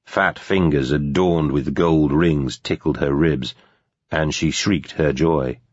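A man reading a novel aloud in steady, measured scripted narration. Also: extremely low pitch, no echo. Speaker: audiobook narrator. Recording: dull, lo-fi dry recording.

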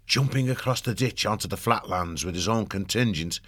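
A man narrating an audiobook in a steady, measured storytelling manner, recorded on a close studio mic. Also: on the low side, no room sound.

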